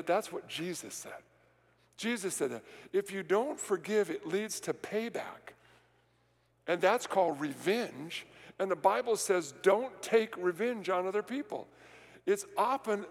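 Male pastor with a high voice, preaching with call-and-response questions; recorded in a big echoing sanctuary. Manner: asks the congregation rhetorical questions and pauses for answers. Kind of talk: sermon. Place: large church sanctuary. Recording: long hall reverb.

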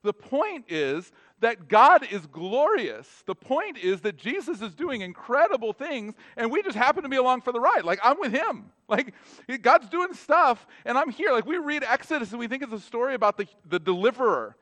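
A man, a pastor with children, preaching a sermon in a conversational, animated way and acting out short dialogues. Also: very high voice, normal speed. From North America. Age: adult with children.

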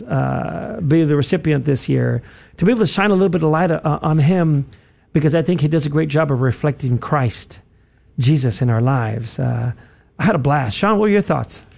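Radio host guy, gravelly, kinda high voice, rambles and chuckles, studio sound. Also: animated, moderate pace, darkish tone. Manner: rambling, self-correcting, chuckling. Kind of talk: casual radio talk and prayer.

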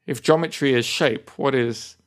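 A man with an English accent, chatting casually as a podcast co-host in a measured, thoughtful way. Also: medium pitch. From England. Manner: measured, thoughtful, with short agreeing interjections. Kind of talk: casual chat.

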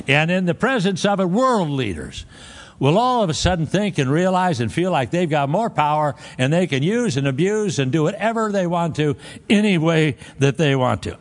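A man preaching in a loose, conversational way, joking and laughing as he goes. He often restarts his sentences, and his voice sits somewhat higher than most men's. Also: expressive, a little fast, long reverb tail. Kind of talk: conversational sermon.

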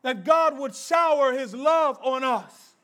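High-voiced man preaching with passion. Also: expressive, slow. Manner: passionate preaching, swings from hushed to shouting; repetitive rhythmic call-and-response phrasing. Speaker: pastor. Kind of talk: sermon.

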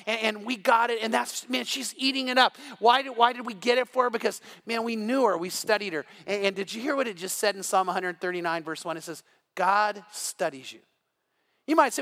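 An older male pastor delivers an evening sermon with a high-pitched voice. His tone is bright and ringing, and he tells lively stories, stumbling and restarting his sentences as he goes. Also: fairly quick, vocal fry. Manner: animated storytelling with repeated restarts.

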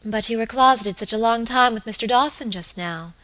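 A woman gives voice to an anxious young lady of the manor in a storybook reading. She probes with eager questions in a bright voice. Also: a little high, fairly quick, natural voice. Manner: anxious and probing.

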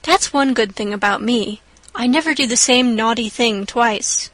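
A woman's voice: on the high side, moderate pace, a bit bright, no echo, rough recording. A woman reading the part of an imaginative, talkative young girl who pleads earnestly. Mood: earnest pleading.

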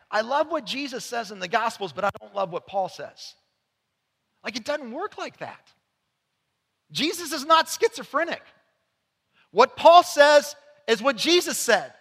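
A man preaching a sermon to his church congregation in a conversational way, dropping to quiet asides and rising to shouted emphasis. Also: very high-pitched, long reverb tail. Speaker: pastor. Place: church sanctuary.

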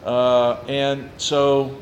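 A man's voice: mid-range voice, very slow, a little hiss or hum. Storytelling pastor, man, echoey room. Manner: lively, acts out his own quotes with humor. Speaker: Presbyterian pastor. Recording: echoey room with faint ambience.

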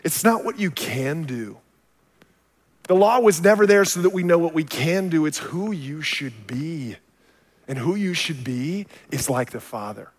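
A man with a slightly high voice preaching from the pulpit. He tells stories in an animated way, dropping low and quiet, then building to shouts. His voice rings out with a long reverb around the hall. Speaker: pastor. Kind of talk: sermon.

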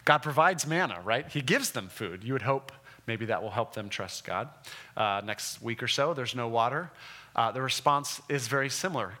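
A man teaching a Bible lesson in a lively, conversational way, checking in with his listeners. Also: medium pitch, normal speed. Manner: animated, acts out the Israelites' complaints. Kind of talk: classroom Bible lecture.

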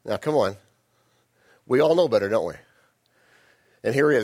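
Man preaching a sermon, lively pitch swings, conversational, asides to the congregation. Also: normal speed, long pauses, breathy edge. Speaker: pastor.

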